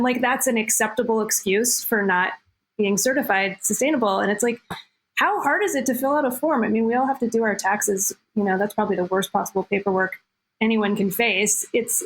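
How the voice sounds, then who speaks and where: A woman's voice: medium pitch, low-quality recording. A woman co-hosting a podcast, chatting casually with plenty of "like" and "you know". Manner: chatty, many fillers and restarts. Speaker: podcast co-host. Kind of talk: casual conversation.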